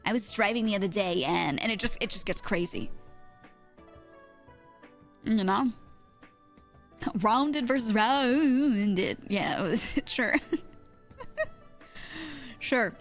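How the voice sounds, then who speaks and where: A young woman with a New Jersey accent chats casually on stream. She laughs often, reads chat messages aloud, and keeps a relaxed, mid-pitched voice, with faint music underneath.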